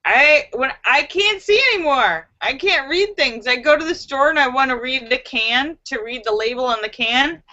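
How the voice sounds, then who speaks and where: A woman's voice: high voice, expressive, normal speed, few pauses, bright, forceful tone, lo-fi sound. A woman hosting a casual live stream, chatting, reading viewer comments and telling jokes with frequent giggles.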